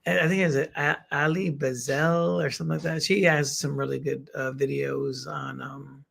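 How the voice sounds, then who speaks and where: A middle-aged man with a Bronx accent, co-hosting a casual chat from his living room, talking haltingly with many restarts. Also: mid-range voice, fairly even intonation, gravelly, fairly bright tone. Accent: Bronx, New York. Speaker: podcast co-host.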